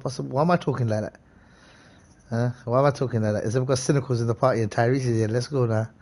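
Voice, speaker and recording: A young man live-streaming a game, chatting casually and hyping up viewers by name in quick, slangy bursts. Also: mid-range voice, steady tone, a little mellow.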